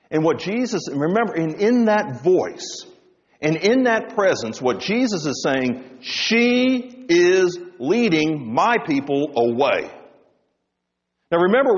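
A male pastor preaching a sermon, swinging between loud emphasis and hushed low tones. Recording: dull sound with long reverb in a hall.

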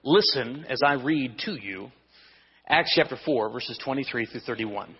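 Male pastor, casual conversational preaching, husky voice, lo-fi hall recording. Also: medium pitch, expressive, unhurried. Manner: conversational preaching with restarts and humor. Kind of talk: evening sermon.

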